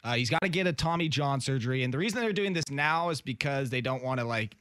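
Man, sports radio host, cites stats, casual banter, mid pitch, dry close sound. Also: lively intonation, fairly bright tone, no echo. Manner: argues his points with stats, quick to laugh along.

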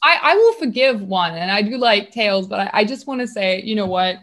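A woman's voice: mid-range voice, animated, fairly quick, fairly bright tone. A woman co-hosting a radio show, chatting casually in a playful, enthusiastic way full of slang and fillers.

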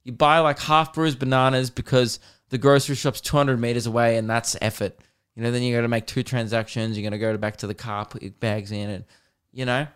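An Australian man hosting a podcast, chatting casually and telling rambling stories with laughs and quick mimicry. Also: mid-range voice, little pitch movement, fairly bright tone, clear, resonant tone. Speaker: podcast host and comedian. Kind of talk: casual chat.

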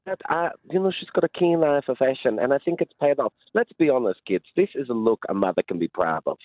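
A man's voice: medium pitch, expressive, fast, no room sound, close to an everyday voice. A man playing a flamboyant, campy male disco diva character, theatrical and calling everyone honey and darling, speaking over a phone line. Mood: camp. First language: not English. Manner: camp, theatrical, calls people honey and darlings. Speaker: stage performer guest. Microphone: phone call.

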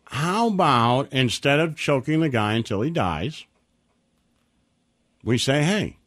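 A man's voice: mid-range voice, slow, pauses often. A man co-hosting a talk show, making sarcastic remarks in casual banter. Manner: sarcastic, lively delivery. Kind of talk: casual chat.

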